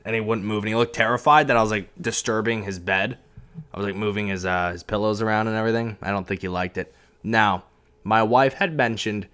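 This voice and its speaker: A man with a fairly low voice hosts his own podcast from his couch at home. He talks casually and rambles, full of fillers, false starts and self-deprecating asides, speaking into a podcast mic with a pop filter. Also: fairly quick, fairly bright tone. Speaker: podcast host. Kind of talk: solo casual podcast chat. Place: echoey home room, on a couch.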